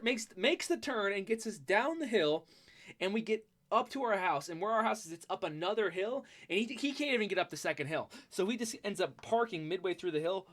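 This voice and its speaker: Foul-mouthed storyteller rambling along, lots of restarts, keeps bursting out loud. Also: medium pitch.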